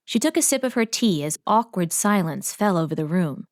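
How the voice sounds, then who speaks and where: A woman narrating an audiobook in a steady storytelling manner. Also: on the low side, moderate pace, few pauses. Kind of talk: scripted narration.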